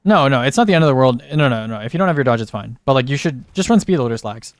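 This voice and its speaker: A man's voice: mid-range voice, lively intonation, fast talker, no echo. A man streaming a video game, trading blunt, profane, joking banter with his teammates. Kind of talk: casual gaming banter with teammates.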